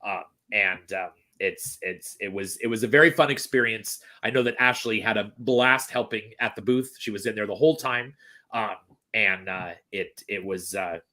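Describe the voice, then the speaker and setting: A man's voice: on the low side, normal speed, pushed and bright. A man chatting casually as a podcast guest, rambling with many restarts and fillers. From Texas. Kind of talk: casual chat.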